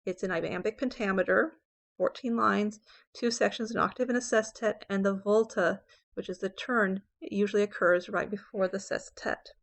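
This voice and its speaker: A woman English professor giving a lecture on poetry, explaining terms clearly and reading verse lines slowly and dramatically. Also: medium pitch, steady tone. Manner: checks in with "okay?" and "right?".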